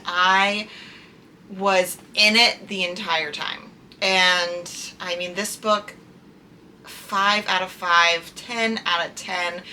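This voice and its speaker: Slow-talking, bright-voiced woman. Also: mid-range voice, a little hiss or hum. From United States. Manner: gushing, chatty, with many "like" fillers. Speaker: book reviewer. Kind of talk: casual chat.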